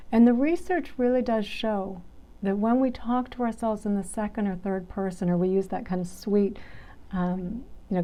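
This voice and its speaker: A woman teaching a meditation class in a conversational way, often checking in with "right?" and dropping into soft, soothing asides. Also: fairly high pitch.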